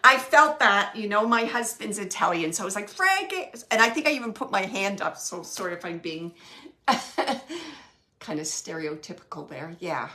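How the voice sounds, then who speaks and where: A woman giving a spirit reading as a medium, rambling and halting with many fillers and frequent laughs. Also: mid-range voice, animated, bright, forceful tone.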